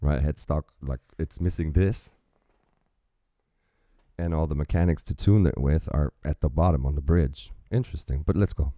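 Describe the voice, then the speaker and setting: A man's voice: rumbling low, normal speed, mellow, no echo, studio quality. A man hosting a reaction video, swearing freely as he stops the music to quote lyrics and comment on them.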